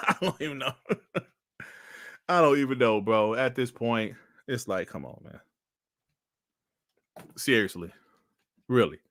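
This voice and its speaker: A man's voice: medium pitch, fairly bright tone, no room sound, clean studio sound. A man giving casual, mocking commentary as a streamer, laughing often and swearing while he reads out and answers comments.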